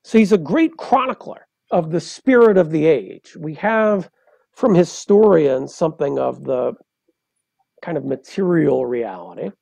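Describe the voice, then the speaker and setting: A man speaking as a poet guest on a podcast, his voice gravelly and mellow in tone. He explains in a measured, lecturing manner, pausing often on fillers. The sound is dry and close. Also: on the high side, animated, no echo.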